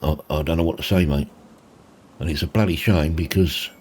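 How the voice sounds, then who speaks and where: Very deep-voiced bloke, laid-back. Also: male voice, fairly even intonation, a little fast, a little mellow, a little hiss or hum. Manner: laid-back, chatty, says mate a lot. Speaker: roleplay host. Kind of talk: casual roleplay narration and chat.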